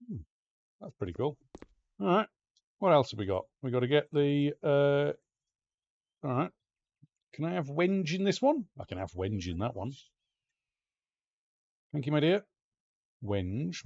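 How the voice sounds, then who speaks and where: Male streamer for gameplay commentary: excitable, swears, pitch swinging wildly, slow delivery. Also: highs cut off. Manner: excitable, swears and talks to the game's pets. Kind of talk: let's-play gameplay commentary.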